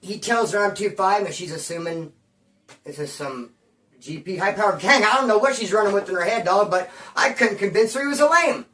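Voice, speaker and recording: A man's voice: high voice, fairly quick, sharp tone, reverberant, distant mic. Casting: rambling slang-talking man, story monologue, mic set back from him. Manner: rambling slang-heavy street talk, acts out quoted voices. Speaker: storyteller recounting prison-life stories.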